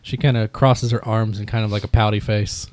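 A man's voice: fairly low pitch, no room sound. Dry-voiced male game master. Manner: relaxed, halting narration. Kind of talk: narrating a tabletop game.

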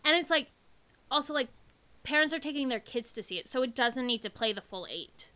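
A young woman co-hosting a casual podcast with a bright, crisp voice that sits a little high. She is lively and playful, and she laughs often. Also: brisk. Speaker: podcast co-host. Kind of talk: casual chat.

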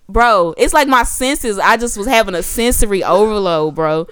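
A woman's voice: medium pitch, moderate pace, few pauses, fairly bright tone, smooth, no room sound, clean studio sound. A woman telling a story in casual chat, acting out her own panicked lines.

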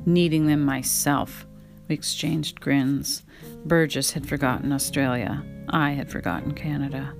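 A woman with a low, gravelly voice reads a memoir aloud at home at an easy pace. She drops into relaxed asides of her own between passages, while plucked guitar music plays clearly behind her. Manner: unhurried reading, breaks off to talk to her pet. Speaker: reader and podcaster. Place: home, indoors.

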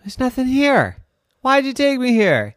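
A man voicing an excitable young boy who whines at bumps and squeals in wonder, with high, wide-eyed exclamations. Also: measured pace, no room sound, clean studio sound, exaggerated voice. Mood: excited.

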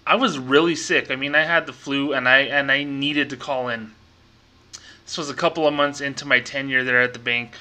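A man's voice: medium pitch, steady tone, moderate pace, sharp tone. A young man hosting a podcast, frankly ranting and telling stories about his old bank job. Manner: frank, ranting, storytelling with acted quotes. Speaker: podcast host, former bank employee. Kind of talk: casual monologue podcast.

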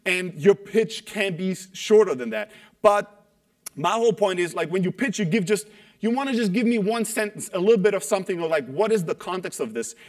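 A man giving an energetic talk on sales calls to an audience, acting out quoted voices and tagging points with "right?". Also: high-pitched, a little fast. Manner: animated, acts out quoted voices, rhetorical "right?". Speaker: sales coach speaker.

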